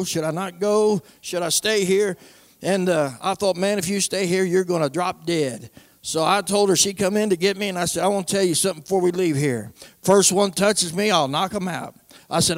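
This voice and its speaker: A man's voice: sits high, creaky, no echo. A man preaching his own testimony in an emphatic way, repeating phrases and acting out old conversations.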